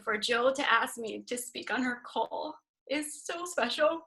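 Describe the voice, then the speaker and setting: A woman's voice: a little high, lively intonation, takes it slowly, sharp tone, rough recording. A young woman from Hawaii speaking as a guest on a team video call, nervous and close to tears as she talks. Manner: nervous, emotional, near tears. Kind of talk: casual team call talk.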